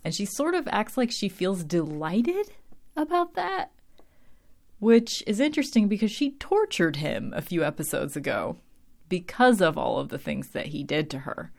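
A woman's voice: lowish voice, sing-song, moderate pace, gravelly, darkish tone. A woman casually recapping a TV episode, rambling and filling her talk with "like" and "um," her voice tiring from long talking. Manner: rambling, heavy use of "like" and "um".

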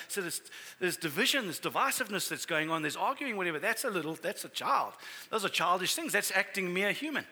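A middle-aged man preaching a sermon as a pastor, telling family stories in a conversational, animated way. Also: sits high, fairly quick, hardly any pauses, breathy edge.

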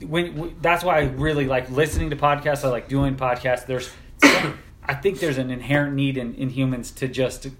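A man's voice: mid-range voice, steady tone, heavy background noise. A man hosting a casual podcast chat, talking loosely and swearing freely. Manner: quick, loose and profane. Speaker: podcast host.

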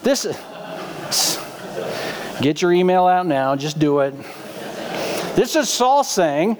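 A male pastor preaches with a high, light voice, joking and talking casually with his listeners. His voice carries the long reverb of a church sanctuary. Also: very animated, takes it slowly. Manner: humorous, conversational, asks the congregation questions. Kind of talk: sermon.

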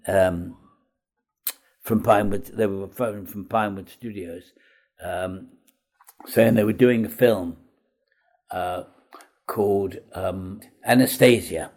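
An older man, an actor, telling anecdotes in an interview, chatty and animated, acting out the voices of the people in his stories. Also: on the low side. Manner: chatty raconteur, acts out quoted voices, laughs at own stories. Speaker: comedy actor guest.

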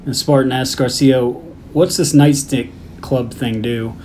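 A man's voice: mid-range voice, steady tone, slow, darkish tone. A man on a movie podcast retells scene after scene in easy, casual talk. He drops swear words without thinking about it. A faint hiss sits under the recording. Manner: recaps the plot, swears casually. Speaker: podcast co-host. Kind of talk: casual movie recap chat.

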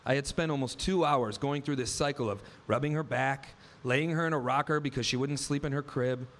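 A man's voice: mid-range voice, brisk. Man telling a wry live story. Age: 30s. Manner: wry, vivid, acts out his own dialogue. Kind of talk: first-person story told live on stage.

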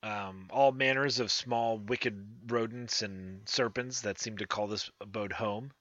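A man narrating as game master of a tabletop game, with halting, filler-filled descriptions. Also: on the low side, fairly even intonation, a bit bright, dry recording, dull audio.

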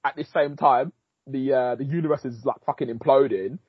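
A man, co-hosting a podcast and excitedly recapping an episode in slangy, sweary casual chat. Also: medium pitch, a little fast, slightly rough, no room sound. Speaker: podcast co-host. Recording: dull lo-fi, dry.

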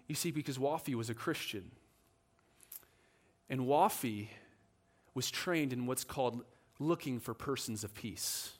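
A man's voice: mid-range voice, a little slow, pauses often. A man preaching a sermon in a church, telling a story with animation and acting out the voices of the people in it. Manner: animated, acts out quoted voices.

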